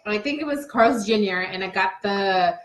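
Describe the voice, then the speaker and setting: A young woman in casual chat, chatty and quick to laugh. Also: mid-range voice. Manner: chatty, laughs easily, reacts with short replies. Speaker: co-host. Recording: echoey room with faint noise.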